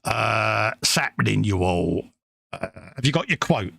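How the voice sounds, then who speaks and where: A man's voice: on the low side, animated, slow pace, creaky, sharp tone, no room sound, clean studio sound. A man hosting a casual livestream from his workshop, reading out chat messages and calling everyone mate. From England. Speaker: livestream host.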